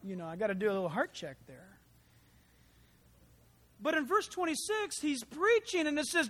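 A pastor preaching a verse-by-verse Bible study sermon, with animated storytelling and humorous asides. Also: mid-range voice, moderate pace, long pauses, big-room sound. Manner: acts out quoted voices.

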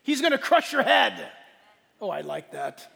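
A man preaching a sermon as a pastor, emphatic, asking rhetorical questions, with loud bursts of emphasis. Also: high-pitched, sing-song, a little slow, gravelly, in a large hall.

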